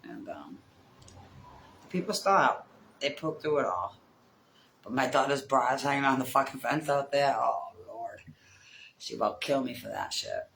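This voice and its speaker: A woman's voice: rumbling low, animated, moderate pace, vocal fry, long pauses, a bit bright, slight background noise, rough recording. A middle-aged woman from the United States, telling stories in a casual vlog in a rambling, profane way and laughing often. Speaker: vlogger. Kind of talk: casual storytelling chat.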